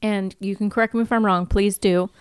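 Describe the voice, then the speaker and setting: Woman co-host, casual and outspoken, smooth resonant tone, dry room. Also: mid-range voice, brisk, dry recording. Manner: animated, opinionated, swears casually. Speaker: podcast co-host. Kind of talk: casual chat about a TV show.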